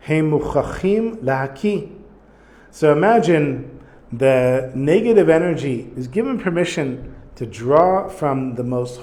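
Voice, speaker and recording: A man teaching a religious text, reading short Hebrew passages and then explaining them in relaxed, plain English while thinking aloud. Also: a little high. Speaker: Torah teacher. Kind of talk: casual text study lesson.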